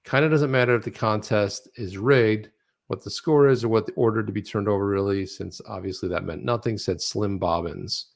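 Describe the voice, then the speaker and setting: A man's voice: on the low side, fairly even intonation, normal speed, creaky. Joking male crypto show co-host. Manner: joking, slips into old gangster voice. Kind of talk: casual chat.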